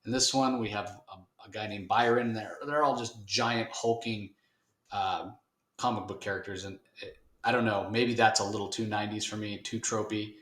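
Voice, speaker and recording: A man's voice: fairly low pitch, fairly even intonation, normal speed, a bit bright. A man co-hosting a podcast, chatting casually and wryly as he reviews a comic, often restarting his sentences. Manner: rambling, wry, many restarts. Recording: roomy echo.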